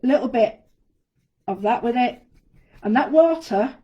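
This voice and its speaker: A woman's voice: a little high, expressive, a little slow, husky, dull audio. A woman giving a chatty, step-by-step live craft demonstration from an indoor studio. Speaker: guest designer demonstrating a craft.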